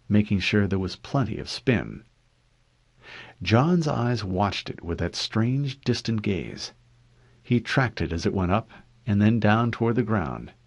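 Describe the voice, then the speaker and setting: Lively low-voiced male audiobook reader. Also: gravelly, dry recording. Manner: expressive reading with lively pitch. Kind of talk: fan audiobook narration.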